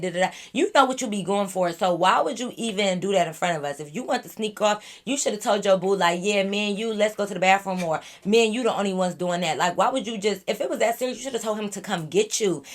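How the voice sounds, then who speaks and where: Blunt, animated young woman telling a story. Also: mid-range voice. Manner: animated, blunt, profane, acts out quoted friends. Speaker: storytime vlogger. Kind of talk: casual storytime.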